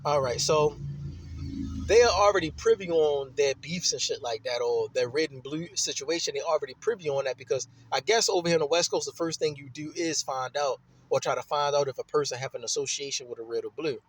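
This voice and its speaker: A man's voice: fairly high pitch, brisk, breathy edge. A man from Baltimore with a Baltimore accent, telling a rambling, profane personal story in a casual monologue. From Baltimore, USA.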